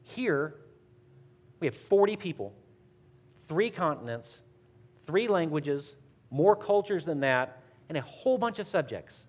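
A man's voice: fairly high pitch, animated, a little slow, long pauses, a little mellow, slightly rough. A man giving a conversational, emphatic church talk who speeds up when telling stories. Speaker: church speaker. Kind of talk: sermon-style talk.

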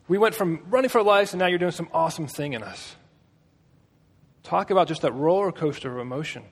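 A man with a fairly high, husky voice preaches a casual sermon. He talks conversationally and tells stories with joking asides. His voice rings out in a hall with a long reverb. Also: fast.

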